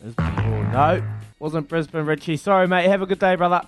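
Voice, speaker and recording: A man with a New Zealand accent runs a radio quiz from the studio, matey and teasing with callers. His voice sits a touch high for a man, with faint music underneath. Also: expressive, a little fast. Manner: matey and teasing, counts down aloud.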